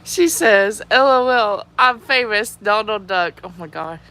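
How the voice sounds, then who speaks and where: A woman's voice: mid-range voice, a little slow, clean tone. A young adult woman with a childlike voice, chatting casually and giggling as she reads out viewer comments on a livestream. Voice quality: childlike, youthful-sounding voice. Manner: giggly, animated, laughs often. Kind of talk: casual live chat reading viewer comments.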